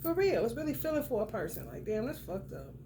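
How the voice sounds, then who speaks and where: Woman doing a tarot reading, kinda high voice, blunt and cussing a lot, talks right at you. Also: big pitch swings, quick pace, gravelly, mellow, slight background noise. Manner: blunt, profane and emphatic, talks straight to the viewer. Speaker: tarot reader. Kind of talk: casual tarot reading monologue.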